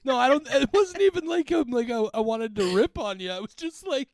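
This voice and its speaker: A podcast co-host teasing their partner in a playful way, full of halting restarts. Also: sits high, expressive, vocal fry, darkish tone, dry recording, clean studio sound. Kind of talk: casual podcast chat.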